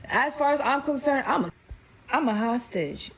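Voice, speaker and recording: A woman telling a personal story in a casual, animated way, acting out quotes and saying "like" a lot. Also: high voice, takes it slowly, husky. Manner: animated, acts out quotes, frequent "like". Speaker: storyteller guest.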